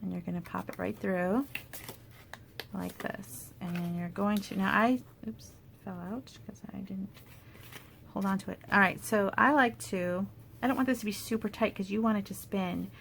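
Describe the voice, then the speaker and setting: A woman demonstrating paper crafts in a casual tutorial, chatty and thinking aloud with soft asides under her breath. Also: medium pitch, steady tone, normal speed, creaky, a little hiss or hum.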